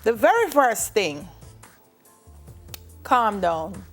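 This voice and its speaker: A woman's voice: medium pitch, very animated, extremely slow, faint music behind. A young Jamaican woman co-hosting a morning TV show in a playful, casual way that slips into patois. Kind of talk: casual chat. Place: TV studio.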